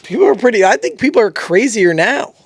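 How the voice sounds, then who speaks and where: Animated young man telling stories. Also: high-pitched, a little fast, no room sound, clean studio sound. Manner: animated storytelling, laughs often. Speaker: podcast co-host. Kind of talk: casual chat.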